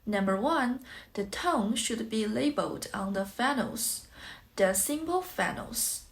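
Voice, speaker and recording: A woman's voice: fairly high pitch, lively intonation, slow pace, creaky. A woman who speaks Mandarin Chinese natively, teaching a tutorial in English and carefully drawing out example syllables to show each tone. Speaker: language teacher.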